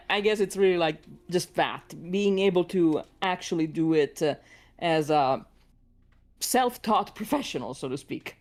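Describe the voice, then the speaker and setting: A woman's voice: fairly low pitch, expressive, measured pace. A woman guest voice actor chatting casually on a podcast, laughing often and poking fun at herself. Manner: giggly, laughs often, self-deprecating.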